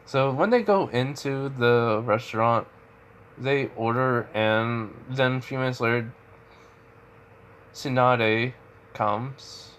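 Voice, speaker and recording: Man, rambling casual storytelling, middle pitch, faint background hiss. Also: slow, pauses often, fairly bright tone. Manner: rambling, lots of fillers and restarts. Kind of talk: casual retelling of a fan story.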